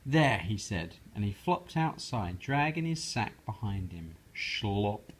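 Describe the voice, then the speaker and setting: Slow, husky father reading aloud. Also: lowish voice, rough recording. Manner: slow, gentle, lively storyteller. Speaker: father reading to his daughter. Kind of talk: bedtime storybook reading.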